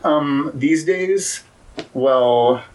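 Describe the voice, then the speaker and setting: A man's voice: a little high, very slow, a little hiss or hum, low-quality recording. A young man as a podcast guest, talking casually with many fillers and restarts.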